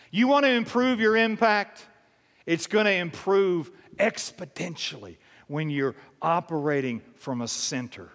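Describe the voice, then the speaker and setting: A man preaching a sermon as pastor, emphatic and animated, repeating key phrases. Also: high-pitched, measured pace, in a large hall.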